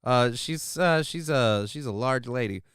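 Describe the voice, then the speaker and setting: A man's voice: mid-range voice, a little slow, a bit bright, clean tone, dry recording, clean studio sound. A man hosting a stream, reading out a news story and reacting to it with rambling, profane jokes. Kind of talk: casual crude reaction commentary.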